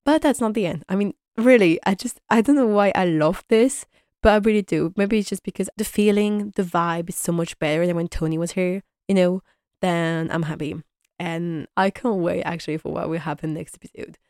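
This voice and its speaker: A woman's voice: fairly low pitch, normal speed, darkish tone, no room sound, studio quality. A young woman giving a casual, enthusiastic episode recap as a fan reviewer, laughing often and using lots of fillers.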